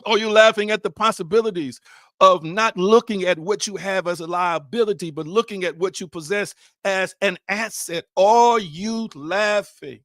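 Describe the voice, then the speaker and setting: A man preaching a sermon, hammering the same rhetorical questions over and over and now and then rising to a shout. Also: high-pitched, normal speed, no echo, studio quality.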